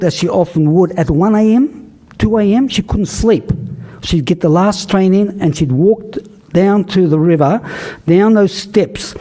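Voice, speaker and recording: An older man tells a story at a public lecture. His delivery is halting and full of restarts. His voice sits a little high with a mellow tone. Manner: halting, many restarts and fillers. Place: lecture hall.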